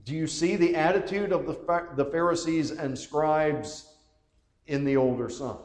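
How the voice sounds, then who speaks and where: A man's voice: on the high side, a little slow, a little mellow. A man leading a Bible study, reading scripture aloud and asking the group questions. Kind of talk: teaching a Bible class. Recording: echoey room with long reverb.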